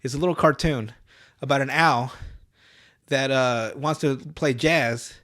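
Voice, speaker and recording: A man's voice: medium pitch, unhurried, a bit bright. A young man hosting a podcast, casually retelling a cartoon episode with lots of swearing and laughter, jumping into raised voices for the characters' lines. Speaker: podcast host. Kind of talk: casual podcast recap, profane.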